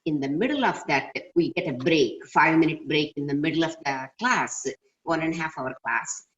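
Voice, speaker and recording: A woman's voice: low-pitched, normal speed, dull audio. An older woman in a group class, earnestly telling a personal story and reflecting on it, heard over a video call. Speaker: class participant. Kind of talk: personal anecdote in a group discussion.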